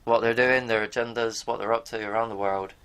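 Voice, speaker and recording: A man's voice: mid-range voice, steady tone, a little fast, fairly bright tone, smooth. A man giving rambling, blunt commentary to his viewers as he reads from pages on screen, now and then swearing. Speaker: video host. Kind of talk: casual commentary while reading from pages on screen.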